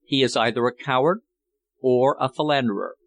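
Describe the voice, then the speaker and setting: A man's voice: mid-range voice, normal speed, a bit bright, no echo, close to an everyday voice. A man voicing a passionate, scornful foreign suitor who speaks fervently and declaims his love.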